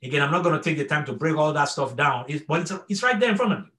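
A middle-aged man preaching with an earnest, searching delivery, stumbling through restarts and checking in with his listeners. His voice sits a little high and rings bright and forceful. The room around him is echoey. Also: animated, very fast. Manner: earnest, repetitive restarts, frequent "okay?" check-ins. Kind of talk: sermon.

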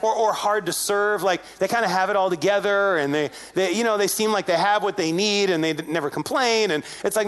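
A man's voice: sits high, a little fast, hardly any pauses, fairly bright tone. A male pastor preaching a sermon, telling a story in a conversational way and acting out the quoted dialogue with animation. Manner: conversational, addresses congregation directly.

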